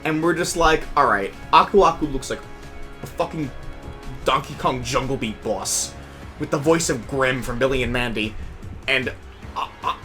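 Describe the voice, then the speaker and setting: A young man telling a story in casual chat, animated and profane, swinging from low mutters to loud outbursts. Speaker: podcast host.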